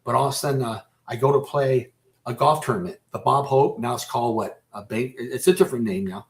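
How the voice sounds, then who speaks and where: Man, radio guest, emotional, halting, stop-start speech, average pitch. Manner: halting, repeats and restarts phrases; emotional, close to breaking down. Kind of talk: personal storytelling in a radio interview.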